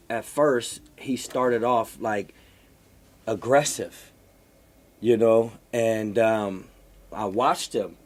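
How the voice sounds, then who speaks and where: A middle-aged man in casual chat, talking haltingly with lots of fillers and repeats. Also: medium pitch, darkish tone.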